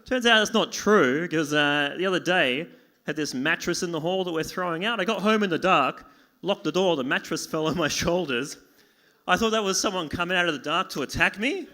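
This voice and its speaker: Performing in a small pub for a live audience, a young Australian comedian runs through a self-deprecating set, playing out conversations with abrupt yelps and begging. His voice is high, pushed, and bright, and he talks fairly quickly.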